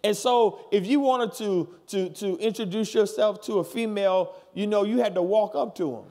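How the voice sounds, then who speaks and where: Speaking to his congregation directly, a church pastor in his thirties delivers a sermon that moves from ordinary talk into hollering. His voice sits high and is a little mellow, with a moderate pace.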